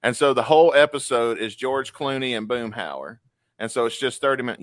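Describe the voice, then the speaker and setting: A man hosting a podcast, telling a rambling, animated story in casual chat. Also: medium pitch, brisk, no room sound. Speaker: podcast host.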